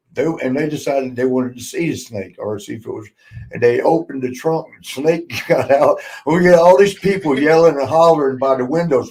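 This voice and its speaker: A man in a casual podcast chat, spinning old stories with frequent laughter and plenty of swearing. His pitch sits in an ordinary middle range, and he slips into the voices of the people he quotes. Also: a little mellow, poor audio. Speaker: podcast host, former wrestler.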